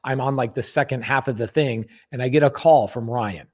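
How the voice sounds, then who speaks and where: A man's voice: mid-range voice, brisk, darkish tone. A man hosting a podcast, telling a story in a blunt, emphatic way and swearing freely. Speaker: podcast host. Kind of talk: casual storytelling.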